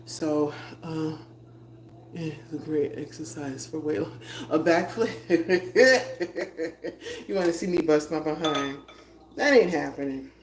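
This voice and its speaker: A woman's voice: sits low, takes it slowly. A woman livestreaming from her home kitchen, chatting casually to her viewers and laughing while she cooks and moves around. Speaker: vlogger cooking on a livestream. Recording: echoey room, voice drifting off-mic, noisy.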